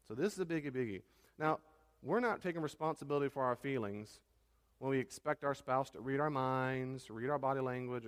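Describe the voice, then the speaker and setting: Man, pastor giving a sermon, mid-pitched, emphatic, long reverb. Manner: emphatic, acts out quoted spouses in raised voice. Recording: reverberant hall.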